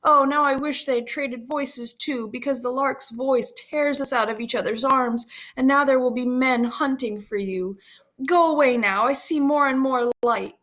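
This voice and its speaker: Woman reading as a young girl in love, begging and high-pitched, voice jumping around. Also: normal speed, fairly bright tone. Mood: urgent. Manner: pleading, rising high and emphatic. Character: young lovesick girl pleading.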